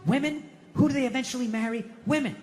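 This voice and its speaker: Ranting stand-up comic with a Boston accent. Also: male voice, quick pace, a little mellow, long reverb tail. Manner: ranting, profane, swings from low mutter to high outburst. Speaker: stand-up comedian. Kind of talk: stand-up comedy rant. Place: live venue with audience laughter.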